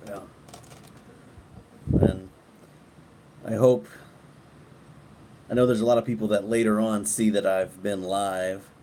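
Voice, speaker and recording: A middle-aged man rambles to viewers on a live stream outdoors at night. He drawls at an unhurried pace. Gusts of wind rumble against the microphone behind his voice. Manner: relaxed and rambling, chatting to viewers, trailing off and restarting. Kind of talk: casual live stream chat. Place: outdoors at night, windy, on a porch. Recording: wind noise on the mic outdoors.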